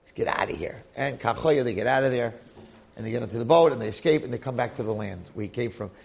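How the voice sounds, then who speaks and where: A man giving a Torah lecture who tells a story in an animated, colloquial way. His voice is gravelly, with a middle pitch. He keeps checking in with his listeners as he goes. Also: quick pace.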